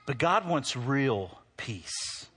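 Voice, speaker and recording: Man, pastor, animated sermon, husky tone, talks straight to the congregation. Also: medium pitch, drawn-out words. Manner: animated preaching, swinging between loud and hushed.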